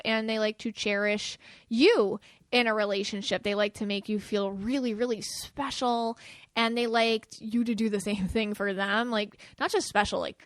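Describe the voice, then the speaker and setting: A woman's voice: a little high, fairly bright tone, no echo, studio quality. A woman hosting a podcast, talking casually and chattily, acting out the quoted lines of the people she describes. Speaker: podcast host.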